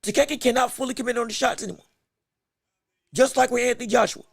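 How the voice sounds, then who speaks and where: High, gravelly man yelling fight commentary. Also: quick pace, no room sound, clean studio sound. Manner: shouts encouragement at fighters, excitable and emphatic. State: straining his voice. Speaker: podcast host. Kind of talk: live fight watch-along commentary.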